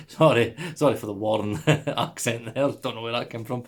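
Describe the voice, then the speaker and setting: A man's voice: medium pitch, fairly even intonation, normal speed, hardly any pauses. A man hosting an audio production video in a casual, jokey, upbeat chat, repeating words for emphasis.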